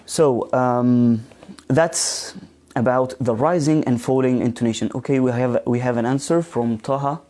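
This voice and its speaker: A man giving a live online pronunciation lesson, speaking slowly with frequent ums and restarts and reading out viewer comments. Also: mid-range voice, dark tone. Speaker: English teacher trainer. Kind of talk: live online teaching session.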